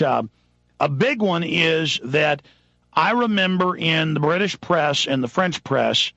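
Gravelly, agitated talk radio host man. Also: fairly high pitch, no echo, highs cut off. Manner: agitated, rambling, bursts of shouting. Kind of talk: rambling talk radio monologue.

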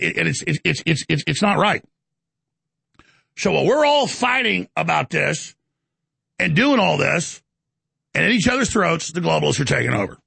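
A man's voice: high voice, vocal fry, pushed and bright, slightly rough, no echo. A man hosting a live call-in talk show, ranting about politics in a rambling way with stammering restarts. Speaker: talk show host taking calls.

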